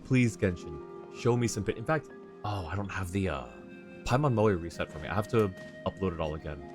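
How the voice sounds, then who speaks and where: A man's voice: low-pitched, expressive, brisk, over music. A man streaming a video game live, giving chatty, rambling commentary and laughing often.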